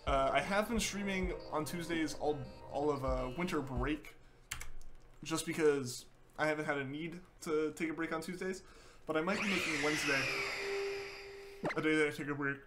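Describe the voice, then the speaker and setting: A man's voice: a little high, moderate pace. A young man streaming a game live, chatting casually and reading out viewer messages in an easygoing way with lots of fillers. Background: game music playing.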